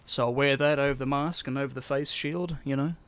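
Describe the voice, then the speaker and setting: A man's voice: medium pitch, steady tone, a little fast, fairly bright tone, clean tone. A man co-hosting a casual podcast, rambling through stories with plenty of swearing. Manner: rambling storyteller, swears a lot. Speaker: podcast co-host.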